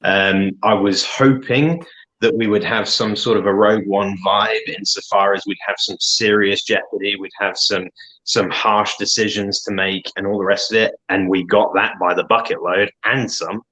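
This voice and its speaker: A man's voice: on the low side, steady tone, normal speed, sharp tone. A man with a British accent, a guest co-host chatting casually and often restarting his sentences. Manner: hesitant, many restarts. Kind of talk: casual chat. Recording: dull lo-fi call audio.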